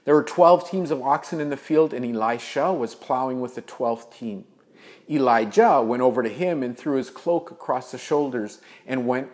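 A male pastor preaching a sermon, earnest, building to emphasis and then dropping soft. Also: mid-range voice.

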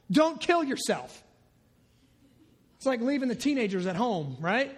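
A man with a high voice delivers an animated sermon from the pulpit. He speaks straight to the congregation with rhetorical questions, and he often slips into low, muttered asides. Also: normal speed. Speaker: pastor.

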